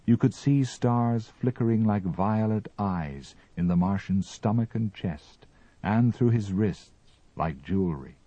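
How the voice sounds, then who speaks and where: A man narrating a story as an audiobook reading, with expressive, measured storytelling. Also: lowish voice, no echo, muffled recording.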